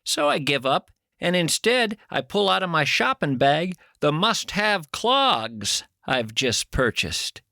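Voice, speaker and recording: A middle-aged man hosting a radio show, delivering a wry, deadpan comic monologue with sudden loud outbursts. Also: a little high, slow, creaky, hardly any pauses, no echo, clean studio sound. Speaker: radio host.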